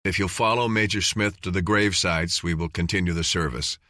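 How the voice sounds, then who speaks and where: A man voicing a weary male lieutenant colonel who talks in a formal, steady officer's manner. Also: deep voice, a little fast, dry recording, studio quality.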